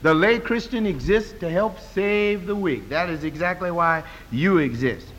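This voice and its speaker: A man preaching a sermon as pastor, with call-and-response rhythm, moving from low talk to loud high cries. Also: measured pace, highs cut off. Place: church. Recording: long reverb of a church hall.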